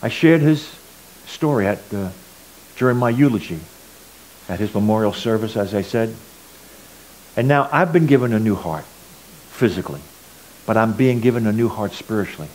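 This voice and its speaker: A man's voice: fairly low pitch, animated, normal speed, pauses often, low-quality recording. Earnest man telling a church testimony. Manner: earnest storytelling, swings between loud and quiet. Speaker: church speaker giving a testimony. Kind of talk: sermon testimony.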